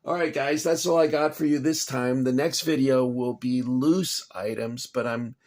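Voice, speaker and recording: A man's voice: medium pitch, fairly even intonation, normal speed, darkish tone. A man vlogging from his kitchen about collecting toy soldiers, rambling and agitated, swearing and then apologizing. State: shaking after anger. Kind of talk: casual rambling vlog. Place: home kitchen.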